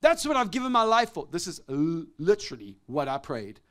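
A man preaching and telling a personal testimony, shifting between loud outbursts and hushed, intimate tones. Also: a little high, big pitch swings, a little fast. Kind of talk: sermon testimony.

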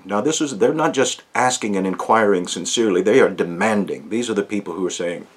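Deep-voiced man teaching scripture. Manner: earnest, emphatic, slows down for key phrases. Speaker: pastor. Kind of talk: expository Bible teaching.

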